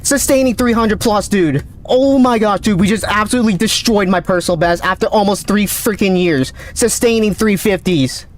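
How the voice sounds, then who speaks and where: A man streaming a game live, calling out readings with excited running commentary, his voice cracking. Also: high voice, slight background noise. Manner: excited, calls out numbers rapidly. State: voice cracking, thirsty. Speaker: gaming streamer.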